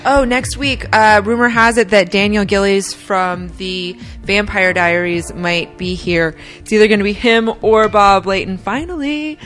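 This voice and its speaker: A woman's voice: medium pitch, unhurried, few pauses, a bit bright, soft background music. A young woman hosting a podcast, playful and giggly as she asks her guest questions. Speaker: podcast host. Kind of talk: casual chat.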